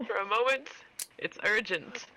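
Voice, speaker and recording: A man playing a tabletop game, speaking in a hesitant, halting, earnest way. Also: high voice, pushed and bright, a little hiss or hum. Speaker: player. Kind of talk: casual tabletop play.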